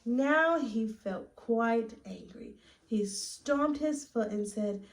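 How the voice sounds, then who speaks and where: A woman reading a picture book aloud to children at story time, gently asking them questions along the way. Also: on the high side, takes it slowly, poor audio. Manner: gentle, asks listeners questions.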